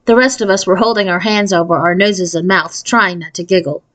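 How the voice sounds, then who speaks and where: A woman reading a children's chapter book aloud in a steady narrating voice. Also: lowish voice, fairly quick, dry recording. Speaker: storyteller.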